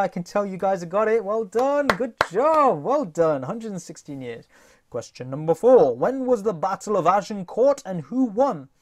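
A man teaching a recorded test-prep lesson, talking straight to his class in a lively, jokey way. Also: a little high.

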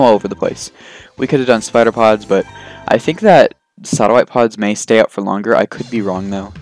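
A man's voice: fairly low pitch, a little mellow. Rambling, jokey male game commentator. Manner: rambling, self-deprecating, jokey, lots of fillers. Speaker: let's play host. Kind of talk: casual gameplay commentary. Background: faint game music.

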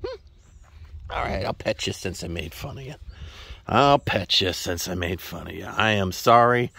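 Rancher vlogger, folksy and rambling, lively pitch, recorded outdoors walking. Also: male voice, vocal fry, dry recording. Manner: rambling, folksy, chatting to his horse. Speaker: farm vlogger. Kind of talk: casual walk-and-talk vlog. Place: outdoors on a ranch in a wet meadow.

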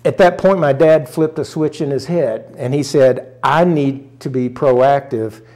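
A man's voice: mid-range voice, a little slow, dark tone. An older man from rural Arkansas, a guest in an interview, telling a personal story earnestly and often getting choked up. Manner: earnest, emotional, often choked up, acts out quoted family voices.

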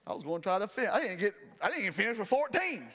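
A man's voice: high-pitched, very animated, very fast, pushed and bright, long reverb tail, a little hiss or hum. A man preaching a fervent midweek sermon as pastor, calling out to his congregation. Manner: fervent, call-and-response preaching. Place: church sanctuary.

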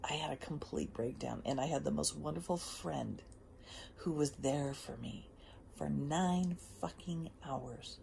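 A woman with a low, gravelly voice talks to her listeners in a relaxed motivational monologue. She speaks emphatically and slips between hushed whispers and louder bursts. Faint noise sits behind her. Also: unhurried. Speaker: host. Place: outdoors.

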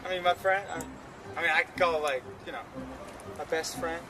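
A man's voice: fairly high pitch, steady tone, brisk, background noise. A man acting in a comedy sketch, talking in a rambling, hesitant way. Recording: loud music over the voice.

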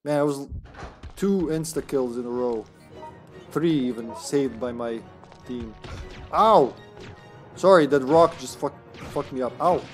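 A man's voice: mid-range voice, a little slow, darkish tone, soft background music. A man streaming a game live, joking, laughing and swearing as he plays. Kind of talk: live gameplay commentary.

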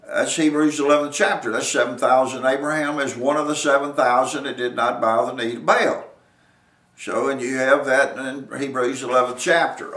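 A man preaching a sermon, slow and repetitive, calling out to his listeners and building from quiet to emphatic. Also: mid-range voice, steady tone. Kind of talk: sermon teaching. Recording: roomy echo, distant from mic.

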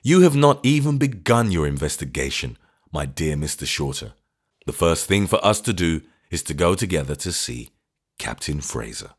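A man voicing an eccentric gentleman who speaks slowly, sternly and with great deliberation. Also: big pitch swings, breathy edge, exaggerated voice. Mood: stern, cool. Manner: low, slow, deliberate.

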